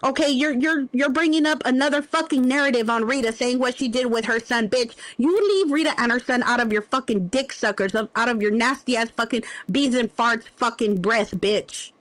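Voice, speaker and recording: High-voiced woman ranting, profane. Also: fairly bright tone, no echo. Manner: profane, confrontational, drawn-out insults. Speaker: livestream host. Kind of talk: heated livestream rant.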